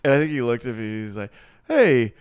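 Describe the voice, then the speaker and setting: Podcast host, man, mid-pitched dry close voice, laid-back and buddy-buddy. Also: very fast, clear, resonant tone, no room sound. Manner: laid-back and chummy, lots of dude and bro. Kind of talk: casual interview chat.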